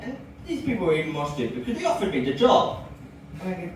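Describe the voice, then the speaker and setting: An English man performing a lively stand-up set, telling stories and now and then bursting into loud cries. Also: high voice, fast talker. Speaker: stand-up comedian. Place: comedy club with audience. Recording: echoey room from far off, audible noise.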